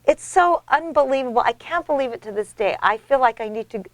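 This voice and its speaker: A middle-aged American actress telling stories in an interview, animated and effusive with frequent restarts. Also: female voice, sits high, fast talker, no room sound. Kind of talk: casual storytelling in an interview.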